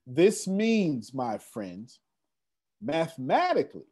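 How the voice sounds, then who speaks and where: Excitable man pitching on a call, husky. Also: takes it slowly. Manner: excitable, repeats phrases, casual slang. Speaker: presenter of an online business meeting. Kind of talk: animated motivational pitch.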